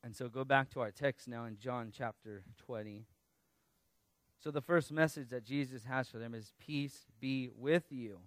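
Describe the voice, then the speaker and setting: A man preaching a sermon, teaching through a Bible passage in a conversational, animated way with casual asides. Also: medium pitch, moderate pace, no echo. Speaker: pastor.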